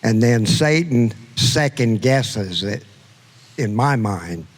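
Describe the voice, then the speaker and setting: A man in the audience talks slowly through his thought in a casual discussion. He stops and restarts his sentences as he goes. His voice sits in a middle range. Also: medium pitch, animated. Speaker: congregant asking a question.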